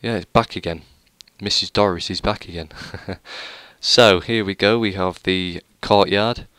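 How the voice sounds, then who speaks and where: Low-voiced young man rambling. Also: steady tone, unhurried, a bit bright, clear, resonant tone, no room sound. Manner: rambling, self-deprecating, hesitant with many fillers. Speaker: gaming YouTuber. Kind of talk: casual let's play commentary.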